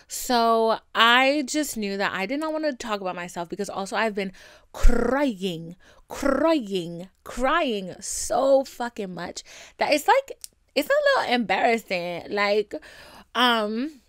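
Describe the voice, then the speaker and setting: A woman's voice: on the high side, very animated, a little slow, fairly bright tone, clear, resonant tone, no room sound, clean studio sound. A young woman hosting her own podcast, venting in a candid, chatty and profane way full of asides. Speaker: podcast host. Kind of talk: casual solo venting podcast.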